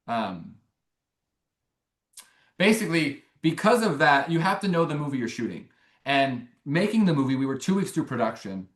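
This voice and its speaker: A young man, a filmmaker guest, telling a long story in a rambling, animated way with many restarts. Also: fairly high pitch, moderate pace, pauses often, echoey room. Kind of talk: casual interview storytelling.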